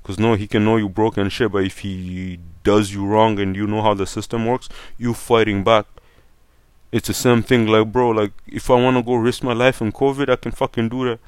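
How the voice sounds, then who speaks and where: A young man's low, smooth voice delivers a blunt, profane opinion rant. He talks casually, leaning on "like" and "fam". The recording is dry and close. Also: flat delivery, moderate pace, no room sound. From Canada.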